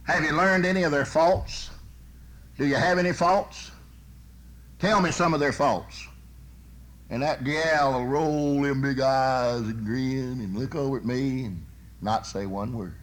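A man preaching a sermon, telling folksy stories and swinging from loud bursts to soft, low asides. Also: measured pace.

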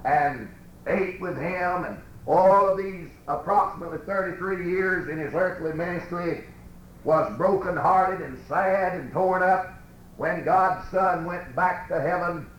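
A man preaching a sermon and reading scripture aloud in a church, with slow, emphatic, drawn-out phrasing. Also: high-pitched. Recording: echoey room with faint background noise.

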